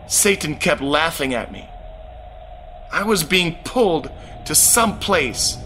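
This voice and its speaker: High, lively man telling a testimony. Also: takes it slowly, slight background noise. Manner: earnest, dramatic retelling. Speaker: testimony narrator. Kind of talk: first-person spiritual testimony.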